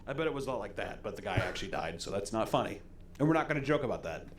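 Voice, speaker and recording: A man's voice: fairly low pitch, animated, rapid-fire, a little hiss or hum. A young man hosting a reaction video, reading a list aloud with casual, jokey asides.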